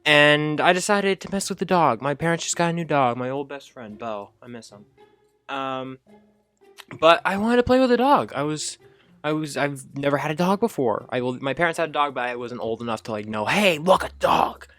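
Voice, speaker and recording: A man casually telling a funny childhood story, rambling with fillers and self-corrections and jumping up high when he acts out his younger self. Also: expressive, a little fast, a bit bright, no echo, faint music behind. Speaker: storyteller host.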